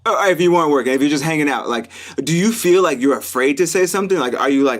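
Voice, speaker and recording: A man's voice: on the high side, fast. A man hosting a podcast, chatting casually, swearing freely and spinning joking hypotheticals. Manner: profane, joking hypotheticals, laughs often. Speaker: podcast host.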